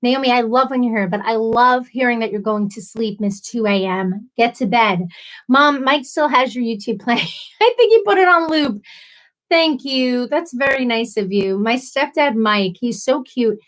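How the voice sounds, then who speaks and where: A woman's voice: fairly high pitch, expressive, normal speed, rough recording. A young woman hosting a casual live stream, chatting with viewers in a bubbly, rambling way with many fillers. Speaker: livestream host. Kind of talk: casual livestream chat with viewers.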